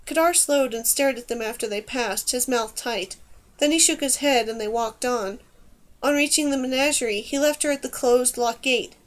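Woman audiobook narrator, measured and even, high-pitched.

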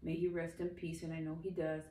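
An older woman in her sixties preaches to the camera with an earnest, rambling emphasis. Her voice sits low for a woman. She is heard from some distance in a roomy space with faint noise behind her. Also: completely flat delivery, a little fast, dark tone. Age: 60s. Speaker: lay minister.

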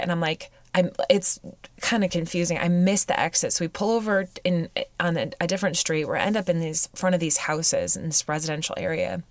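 Halting, emotional woman telling a story. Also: lowish voice, no room sound. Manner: halting, emotional, many fillers and restarts. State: weepy. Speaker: podcast host. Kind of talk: personal storytelling podcast.

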